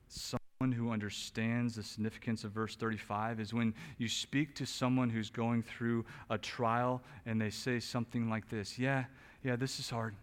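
Male pastor preaching with swelling emphasis. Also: medium pitch. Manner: builds to loud emphatic peaks, then drops quiet; conversational asides with small restarts. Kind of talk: expository sermon.

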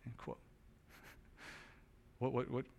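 A man preaching an expository sermon as pastor. He talks conversationally with small restarts, builds to loud emphatic peaks and then drops back quiet. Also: drawn-out words.

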